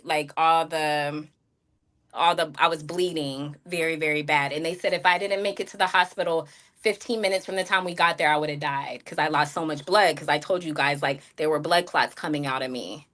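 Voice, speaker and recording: A woman's voice: sits low, fairly even intonation, moderate pace, a bit bright. A woman streamer telling a personal story to her chat in a frank, rambling way, full of fillers and asides to her viewers. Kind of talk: candid livestream storytelling.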